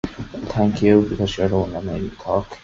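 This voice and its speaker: A man on a video call excitedly recounting a meditation experience in a rambling, casual way, full of fillers. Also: deep voice, normal speed, vocal fry, muffled recording, background noise. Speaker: participant sharing a meditation experience. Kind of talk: casual storytelling.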